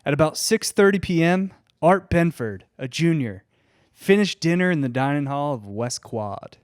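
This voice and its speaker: Guy hosting a history podcast, reads his notes flat and dry, no room sound at all. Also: a little high, moderate pace, no echo. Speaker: podcast host. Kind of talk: reading history notes in casual chat.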